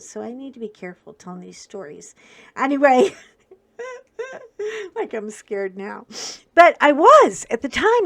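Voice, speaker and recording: A woman hosting a craft video, telling a childhood story at home in an animated, wry way with sudden loud bursts. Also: mid-range voice, creaky. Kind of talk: casual storytelling while crafting.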